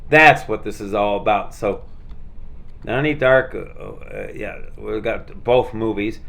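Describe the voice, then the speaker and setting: A man's voice: lowish voice, slow, creaky, a bit bright. A man chatting casually and rambling through his collection, with lots of fillers and restarts. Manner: rambling, many fillers and restarts, laid-back. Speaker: vlogger showing his movie collection.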